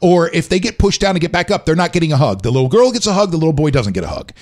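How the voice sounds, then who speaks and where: A man's voice: fairly high pitch, animated, rapid-fire, darkish tone. A man from the US South hosting a casual talk show, speaking in a thoughtful, reflective way. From small town in the US South. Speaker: host. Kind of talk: casual podcast chat.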